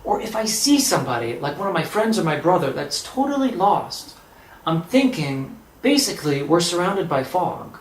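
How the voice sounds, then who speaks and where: A man telling a personal story, lively and acting out the dialogue. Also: high voice, moderate pace, roomy sound, low-quality recording. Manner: animated, acts out quoted dialogue.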